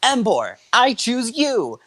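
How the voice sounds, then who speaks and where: Man doing eager young male pokémon trainer, raised voice, slow shouted commands. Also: very high-pitched, huge pitch swings, voice pushed up, full character voice, low-quality recording. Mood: commanding.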